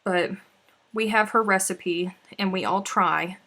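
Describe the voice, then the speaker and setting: A woman's voice: mid-range voice, takes it slowly, sharp tone. A woman hosting a casual craft livestream, chatting and reading out viewer comments with sighs and laughs. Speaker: livestream host. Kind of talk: casual chat while crafting.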